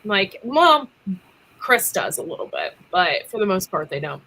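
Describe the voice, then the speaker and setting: A woman chatting casually on a livestream, laughing often and filling pauses with ums. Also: medium pitch, big pitch swings, vocal fry, sharp tone. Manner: giggly, chatty, lots of ums. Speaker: livestream co-host.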